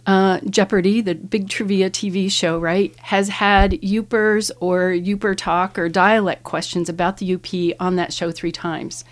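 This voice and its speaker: A woman from Ohio, an English professor, answering interview questions in an explanatory, measured way with frequent "um"s. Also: medium pitch, flat delivery.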